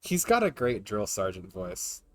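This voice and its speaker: A man's voice: lowish voice, wildly swooping pitch, measured pace, crowd noise. A man streaming a game live, making chatty, joking asides to his viewers. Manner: chatty, jokey asides to chat.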